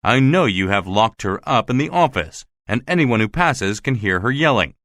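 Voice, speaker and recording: A man's voice: mid-range voice, big pitch swings, normal speed, a bit bright, no echo, clean studio sound. A man voicing an insistent, suspicious male theater official who keeps pressing questions, in a storybook reading. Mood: demanding.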